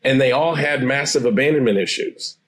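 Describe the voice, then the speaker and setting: A man in his forties, a therapist guest, explaining things in a calm, assured way. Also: mid-range voice, fairly quick. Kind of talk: interview answers.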